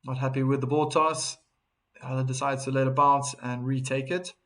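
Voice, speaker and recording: A man with a South African accent hosting a live tennis watchalong, chatting with viewers and breaking into excited calls on big points. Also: mid-range voice, moderate pace. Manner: chatty, reads viewer chat messages aloud between calls. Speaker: host and tennis commentator.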